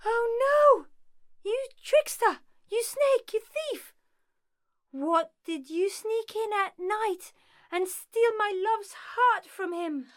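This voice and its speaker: A woman's voice: very high-pitched, expressive, slow, exaggerated voice. A woman playing Hermia, a bewildered, heartbroken young woman who pleads with her lover, in an amateur stage-play reading. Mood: distraught. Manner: pleading, distraught.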